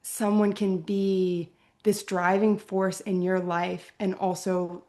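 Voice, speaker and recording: A woman's voice: medium pitch, level tone, slow pace, darkish tone. A young adult woman from Virginia, talking reflectively as an interview guest, often ending points with a questioning "right?". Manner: earnest, often ends with "right?".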